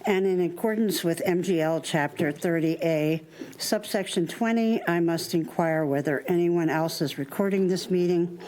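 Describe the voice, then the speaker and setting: A slightly low-pitched woman chairs a town committee meeting, a little out of breath. She talks haltingly, with fillers between her phrases. Steady background noise sits under the voice. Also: low-quality recording.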